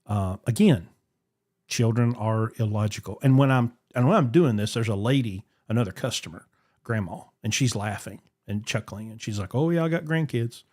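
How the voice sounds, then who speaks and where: A man's voice: fairly low pitch, normal speed. A man, hosting a podcast and telling a story in casual chat, acting out the voices he quotes. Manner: animated, acts out quoted voices. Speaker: podcast host.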